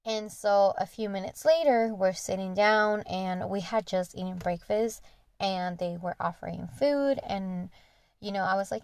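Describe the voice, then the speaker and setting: A woman's voice: medium pitch, measured pace, a little mellow, clear, resonant tone, no room sound. A young woman hosting a podcast, candidly retelling a personal story in an earnest, conversational monologue. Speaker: podcast host.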